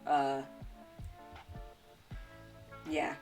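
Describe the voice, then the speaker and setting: A woman's voice: a little high, sing-song, slow, long pauses, a bit bright, faint music behind. A young woman with a standard English accent, chatting to her viewers in a giggly, teasing way while she plays a game. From England. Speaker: streamer. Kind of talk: casual live-stream chat while gaming.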